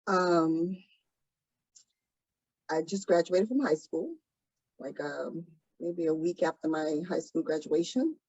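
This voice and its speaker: Soft-spoken hesitant woman, dull lo-fi sound. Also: deep voice, slightly rough, no room sound. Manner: soft-spoken, hesitant, many pauses and ums. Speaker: trafficking survivor guest. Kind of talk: interview testimony.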